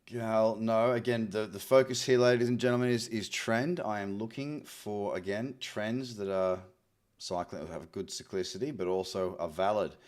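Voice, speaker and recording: A man's voice: lowish voice, steady tone, moderate pace, darkish tone. An Australian man hosting a live trading stream, chatting in an upbeat way, often repeating words and answering viewers. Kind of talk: live chart scan with chat replies.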